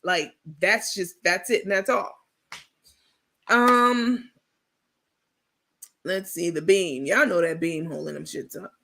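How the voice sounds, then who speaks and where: A woman's voice: fairly low pitch, slow, creaky, pauses often, pushed and bright. Sassy woman host, casual gossip commentary, blunt and profane, rambles with fillers. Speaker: host of a reality TV gossip stream.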